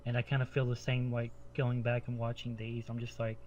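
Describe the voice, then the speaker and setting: A man's voice: mid-range voice, completely flat delivery, fairly quick, darkish tone, a little hiss or hum. A man on a podcast reminiscing with amusement in casual chat. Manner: nostalgic, amused storyteller. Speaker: podcast guest. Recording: dull lo-fi audio.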